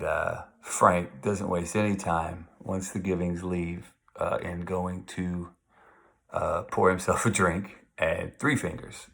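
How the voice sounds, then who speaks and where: A man's voice: deep voice, vocal fry, fairly bright tone. A man teaching a literature lesson to his class, talking in a loose, conversational way, wandering off on asides and reading passages aloud. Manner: conversational, digressive, reads quotes aloud. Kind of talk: recorded literature lecture.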